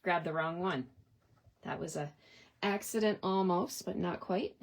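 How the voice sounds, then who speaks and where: A woman's voice: fairly low pitch, unhurried, pauses often. A middle-aged woman in a casual, chatty craft tutorial, talking through her stamping steps at a desk and often asking "right?". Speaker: card-making demonstrator.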